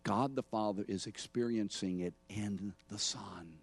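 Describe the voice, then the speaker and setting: A man's voice: on the low side, unhurried, vocal fry, husky. A man preaching a sermon, teaching and calling on members of the congregation by name to answer his questions. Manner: teaching preacher who quizzes listeners by name. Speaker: pastor.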